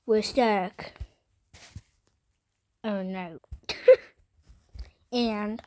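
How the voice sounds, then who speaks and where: A woman's voice: fairly high pitch, fairly even intonation, slow pace, pauses often, bright, forceful tone. A woman hosting a playful gameplay video in a put-on Texas cowboy drawl, whooping often and calling everyone partner. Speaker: gaming video host.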